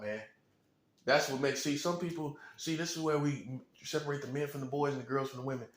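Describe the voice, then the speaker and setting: A man's voice: on the high side, normal speed, long pauses, echoey room, slight background noise. A man giving an informal preaching monologue, blunt and repetitive, with slang and chuckles. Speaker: self-styled prophet.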